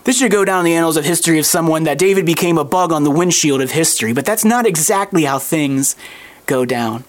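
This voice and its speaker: A preacher retelling a story during a sermon. The delivery is animated and conversational, with plenty of aside remarks. The voice sits at an everyday middle pitch. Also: quick pace.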